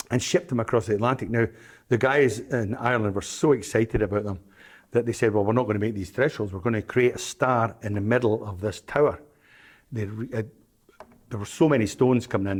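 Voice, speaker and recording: A man's voice: fairly low pitch, darkish tone, husky. An older man, telling stories as an interview guest, rambling and hesitant with frequent ums and restarts. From Scotland, Isle of Arran. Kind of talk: anecdotal storytelling in an interview.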